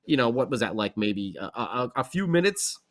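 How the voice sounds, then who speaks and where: A man co-hosting a podcast, recapping a hockey game in a casual, rambling and excitable way. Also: mid-range voice, normal speed. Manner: excitable, rambling, animated storytelling. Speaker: podcast co-host.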